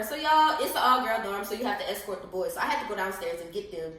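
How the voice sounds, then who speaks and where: A young woman co-hosting a podcast, telling a story in casual, profane, animated chat and acting out other people's lines. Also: on the high side, fast talker, few pauses. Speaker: podcast co-host. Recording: echoey room.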